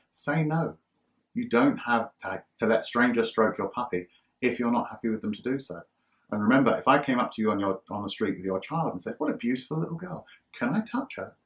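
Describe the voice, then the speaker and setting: Male dog trainer, lowish voice, conversational teaching tone, rhetorical questions. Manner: conversational, explains with rhetorical questions and acted-out everyday examples. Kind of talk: instructional talk to camera.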